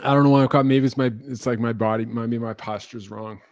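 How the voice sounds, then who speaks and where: A man's voice: mid-range voice, fairly even intonation, fast, no echo. A man casually rambling through viewer questions at his computer, self-interrupting and wry, with a cough now and then. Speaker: music YouTuber answering viewer questions. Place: indoor room at his computer. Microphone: computer webcam setup.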